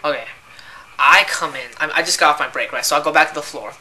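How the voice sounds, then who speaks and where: Speaking quickly in a low register, this young woman who works a register vents in a loose, rambling way about irritating customers. Her exasperation shows, and "like" and "right?" pop up constantly. Background noise is audible.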